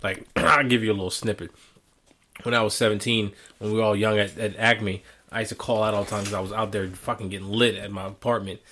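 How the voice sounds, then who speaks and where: A young man co-hosting a casual podcast talks fast in a lowish voice, telling stories animatedly, laughing often and swearing freely. There's a little hiss or hum in the recording.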